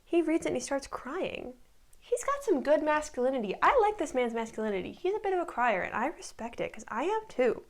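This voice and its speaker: A woman in her twenties recapping a TV show in a casual, rambling way, full of likes and ums. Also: high-pitched. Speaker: recap vlogger.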